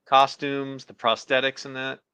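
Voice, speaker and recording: Man, podcast co-host, wry and teasing, sharp crisp voice, dry close sound. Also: medium pitch, monotone, moderate pace, no room sound, rough recording. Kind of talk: casual chat about movies.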